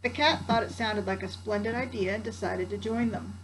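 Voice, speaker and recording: A woman's voice: mid-range voice, moderate pace, background noise. An older woman, a grandmother, reading a children's story aloud with chatty asides to her grandsons. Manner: warm chatty asides to the listener.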